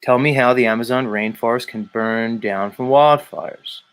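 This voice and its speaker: Man, livestream host, rambling, teasing, casual chat, mid-pitched voice. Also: moderate pace, smooth. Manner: rambling, teasing viewers by name. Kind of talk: casual live-stream chat.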